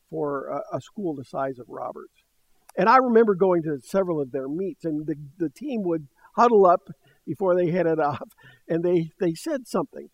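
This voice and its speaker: Older guy teaching a sermon, chatty, kinda high voice, dull dry sound. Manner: warm conversational preaching with light laughs. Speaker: preacher.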